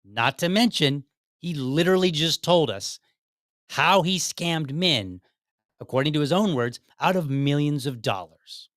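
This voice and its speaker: A man's voice: a little high, expressive, a little slow, a bit bright, no room sound, clean studio sound. A man hosting a podcast, giving direct, argumentative commentary and often repeating himself as he builds a point. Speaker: podcast host. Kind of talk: commentary on a played clip.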